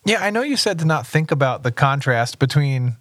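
On a podcast, a male pastor reads scripture aloud at a steady, measured pace before talking it through. His voice leans high, with no echo in the recording.

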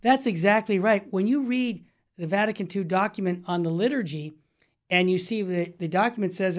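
A man's voice: high voice, fairly quick. A man in his sixties hosting a religious talk show, telling stories in an emphatic, rambling way. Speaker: Catholic radio host. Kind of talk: casual talk show discussion.

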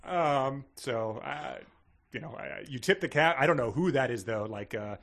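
A podcast co-host with a medium-pitched, fairly bright voice reads a book aloud and riffs on it at a normal speed. His intonation is lively, and he rambles, with frequent fillers and laughter.

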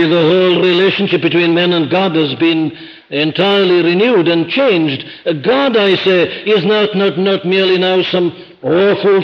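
A man preaching a sermon, emphatic and rhetorical, slowing down to stress key words. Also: sits high, big-room sound. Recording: dull lo-fi archive recording.

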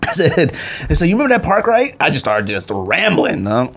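A man's voice: a little fast, a little hiss or hum. A man in his thirties from Arizona, hosting a podcast and telling a casual story, acting out the people he quotes. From Arizona, USA. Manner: animated storyteller acting out quotes with big pitch jumps. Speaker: podcast host.

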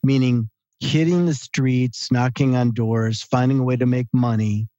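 A man as a podcast guest, animated as he tells a story and voices the people in it. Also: medium pitch, a little slow, dry recording. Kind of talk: storytelling in an interview. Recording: dull lo-fi recording.

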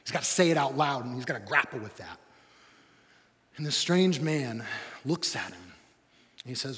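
A man preaching a sermon, animated, swinging between loud excited bursts and quiet, low, intense stretches. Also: moderate pace, long pauses, in a large hall. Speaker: pastor.

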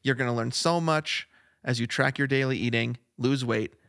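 A man's voice: medium pitch, normal speed, a bit bright, no echo, studio quality. A man co-hosting a podcast, chatting casually and laughing easily while reading ads and talking about his week. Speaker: podcast co-host. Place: home studio, Flagstaff.

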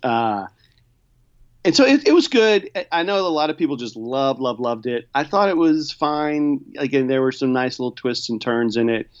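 An easygoing man talking in a relaxed chat, often hesitating and hedging. His voice sits at a middle pitch. The recording sounds a little dull and muffled. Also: normal speed. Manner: easygoing, hesitant, lots of fillers. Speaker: podcast co-host reviewing movies. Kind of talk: casual chat.

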